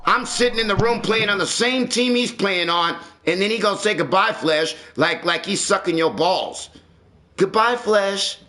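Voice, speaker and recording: A man hosting a game livestream, ranting loudly and profanely in casual chat. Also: high-pitched, moderate pace, hardly any pauses. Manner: loud, ranting, profane storytelling. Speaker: livestream host.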